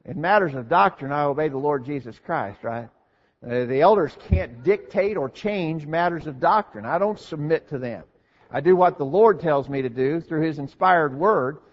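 A man's voice: fairly high pitch, big-room sound, highs cut off. A man preaching an earnest sermon to his congregation, stressing his points and asking rhetorical questions.

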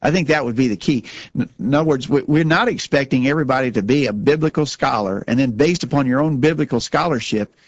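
A man's voice: medium pitch, fast talker, few pauses, no room sound, lo-fi sound. A man co-hosting a religious talk show, speaking earnestly and often repeating words as he starts a sentence. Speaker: radio show co-host.

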